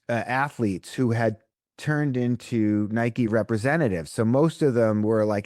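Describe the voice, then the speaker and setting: Man, podcast guest, lively storyteller, dry close mic, mid-pitched voice. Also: no echo. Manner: animated storyteller acting out quotes. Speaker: breathwork coach, podcast guest. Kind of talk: conversational storytelling interview.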